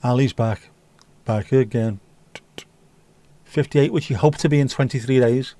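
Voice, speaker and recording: A man's voice: medium pitch, unhurried, dark tone. A middle-aged man, hosting a livestream and rambling casually while reading out viewer comments. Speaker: livestream host. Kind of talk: casual chat.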